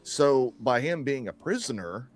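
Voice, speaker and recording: A man's voice: medium pitch, animated, measured pace. A man co-hosting a casual podcast, talking loosely and jokingly, swearing and restarting his sentences. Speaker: podcast co-host.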